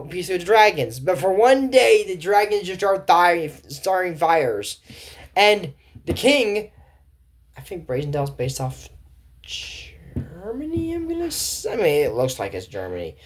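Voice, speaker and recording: A man's voice: high-pitched, big pitch swings, moderate pace. A man casually recapping a cartoon episode for his channel. He rambles, trails off into asides and fillers, and keeps reacting in disbelief to what he describes. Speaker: cartoon reviewer.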